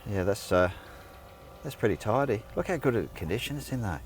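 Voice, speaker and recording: A man's voice: lowish voice, lively intonation, fairly quick. A middle-aged Australian man chatting casually as co-host, laid-back and joking, from inside a car. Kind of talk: casual chat. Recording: noisy car interior.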